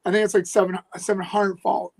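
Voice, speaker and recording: A man co-hosting a podcast in casual chat, who speaks haltingly with frequent restarts. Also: high voice, level tone, gravelly, darkish tone. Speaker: podcast co-host.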